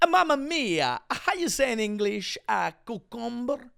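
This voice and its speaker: A man voicing a woman faking a mock Spanish accent, with halting broken English. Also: very high voice, sing-song, vocal fry, sharp tone, pitched above the performer's own voice, heavily acted.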